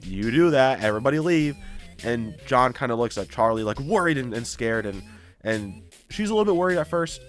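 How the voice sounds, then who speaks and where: A man with a middle-pitched voice recaps a story in a casual, animated way. He jumps into quick character voices as he goes. A faint bed of music plays under him. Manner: animated, acts out characters' lines. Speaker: YouTuber.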